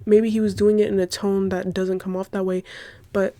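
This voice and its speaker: A woman hosting a casual solo podcast, gushing excitedly, swearing a lot in slangy talk and giggling. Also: mid-range voice, normal speed. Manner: giggly, breaks into laughter. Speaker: podcast host.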